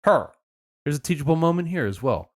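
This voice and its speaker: A man's voice: medium pitch, very animated, brisk. A man co-hosting a podcast, rambling in a casual, sarcastic way and swearing often. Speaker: podcast co-host.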